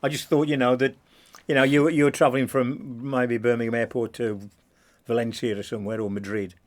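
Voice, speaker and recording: A man's voice: medium pitch, little pitch movement, fairly quick. Guy hosting, medium voice, asks long wandering questions. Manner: curious, rambling questions. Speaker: presenter. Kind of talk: interviewing a guest.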